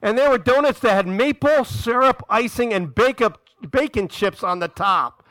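High-voiced, bright preacher man. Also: normal speed, no echo, poor audio. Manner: animated storytelling, acting out quoted dialogue. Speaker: pastor. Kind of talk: sermon.

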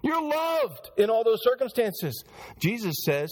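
A man's voice: very high voice, very animated, unhurried, darkish tone. A male pastor preaching a sermon in church, speaking straight to the congregation and acting out the voices he quotes.

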